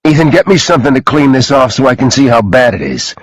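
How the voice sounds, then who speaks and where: A man's voice: medium pitch, big pitch swings, fast, no room sound, voice pushed up, rough recording. A man voicing an urgent, protective man. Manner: urgent, clipped questions.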